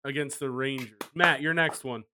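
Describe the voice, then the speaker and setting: A man's voice: medium pitch, fairly even intonation, pushed and bright, slight background noise. A man hosting a casual betting podcast, moving things along and calling on each co-host for picks. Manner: brisk, moves the show along.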